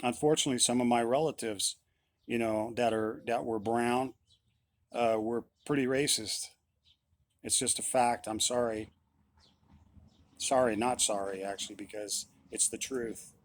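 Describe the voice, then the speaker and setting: Middle-aged man, blunt and insistent monologue, mid-pitched voice, dry close sound. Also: steady tone, a little slow, pauses often, dry recording. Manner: blunt, insistent, repeats his points. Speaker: musician. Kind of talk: opinion monologue.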